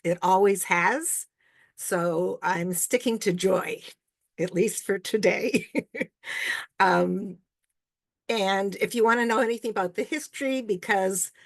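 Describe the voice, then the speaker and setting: An older woman from Canada answers audience questions as a rabbi, reflective and relaxed, with frequent small chuckles. Her voice has a gravelly grain and she takes her time, letting pauses settle between thoughts. The sound is close and dry, as on a video call. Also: medium pitch, no room sound. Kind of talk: casual Q&A talk.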